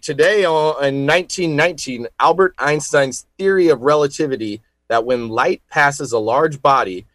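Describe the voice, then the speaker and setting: A man co-hosting a radio show, presenting history facts with halting speech, fillers and deadpan puns. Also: mid-range voice, no echo. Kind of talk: casual radio banter. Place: radio studio.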